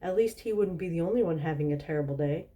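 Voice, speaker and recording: A woman's voice: low voice, fast, warm tone. A tipsy woman doing a storytime reading, giggling and breaking off with asides and laughter.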